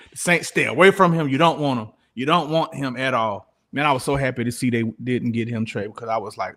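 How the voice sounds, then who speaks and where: A man co-hosting a casual sports talk show, animated and joking, often breaking into laughter. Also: a little high.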